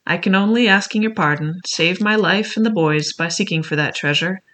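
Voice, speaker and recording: A cunning old pirate cook on a crutch, played by an audiobook reader, talking in rough seafaring speech, pleading one moment and bold the next. The voice is bright and clear, with a wheedling edge. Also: male voice, sits high, normal speed.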